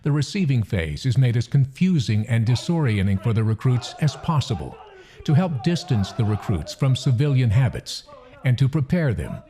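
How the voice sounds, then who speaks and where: A man reading scripted documentary narration in a measured, solemn way. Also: medium pitch, sing-song, dark tone, slight background noise.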